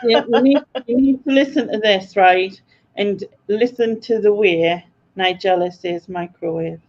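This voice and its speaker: A woman hosting a casual chat with friends, chatty and quick to laugh. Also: mid-range voice, darkish tone, dull audio. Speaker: channel host.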